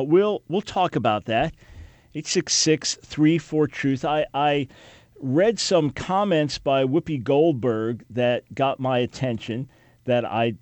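A man's voice: medium pitch, a little mellow, dry recording. A man from New York hosting a radio talk show, speaking earnestly and emphatically with frequent restarts.

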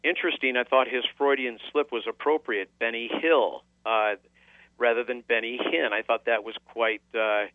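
A man's voice: medium pitch, fairly even intonation, normal speed, dry recording. Man on a tinny radio line, wry. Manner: wry, quotes scripture at length. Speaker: radio host. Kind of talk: debate on a call-in radio show.

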